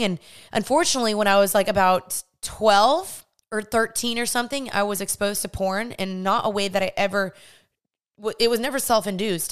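A young woman hosting a podcast, telling her personal faith testimony in an animated way and acting out the voices she remembers. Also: medium pitch, smooth. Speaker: podcast host.

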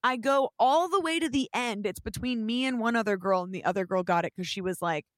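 A young woman in her twenties, co-hosting a casual chat and telling a story with lively acted-out quotes. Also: a little high, a little fast, no room sound. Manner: animated storytelling, acting out quotes.

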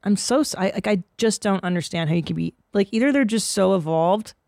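A woman's voice: mid-range voice, expressive, fairly quick, darkish tone, no echo, clean studio sound. A woman hosting a podcast in casual chat, blunt and crude in her jokes. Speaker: podcast host.

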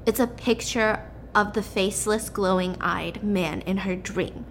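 A woman's voice: medium pitch, steady tone, a little slow, slight background noise. A young woman casually recapping a story in a chatty way, with many fillers.

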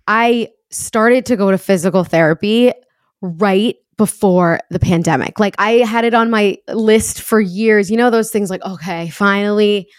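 A woman's voice: medium pitch, measured pace, dry recording, studio quality. Upbeat woman podcast host. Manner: chatty, upbeat, lots of fillers. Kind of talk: casual interview chat.

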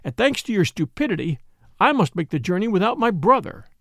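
A woman's voice: medium pitch, sing-song, a little fast, a bit bright, no room sound, clean studio sound. A man voicing a proud young woman who speaks firmly and insistently. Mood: bitter. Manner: firm, clipped and insistent.

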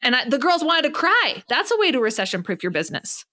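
A woman's voice: sits high, very animated, quick pace, sharp tone. Female business coach guest; emphatic, preachy motivational delivery. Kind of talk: podcast interview.

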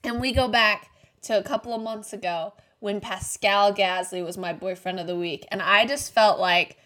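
A woman's voice: medium pitch, fairly even intonation, moderate pace, fairly bright tone. A woman co-hosting a casual podcast, telling stories in a chatty way and checking in with her listeners as she goes. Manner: chatty storyteller, checks in with "okay?". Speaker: podcast co-host. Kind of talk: casual chat.

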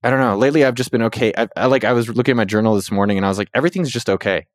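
A man in his thirties hosting a casual podcast chat, telling stories in an animated way and jumping up in pitch when he quotes people. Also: very fast, dry recording, clean studio sound. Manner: animated storytelling, jumps up in pitch when quoting. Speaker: podcast host.

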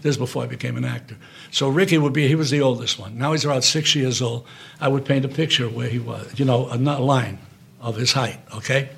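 An older man with a New York accent, telling stories in an interview, animated and swearing freely. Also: mid-range voice, a little fast, vocal fry, slightly rough. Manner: animated storyteller, swears freely, acts out quotes. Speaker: guest, actor. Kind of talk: casual storytelling interview. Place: club room.

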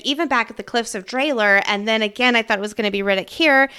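A woman's voice: a little high, fast talker, few pauses, sharp tone, clear, resonant tone. A woman co-hosting a book podcast, talking enthusiastically and weighing theories about the story. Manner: enthusiastic, analytical. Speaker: podcast co-host. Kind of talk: casual book discussion.

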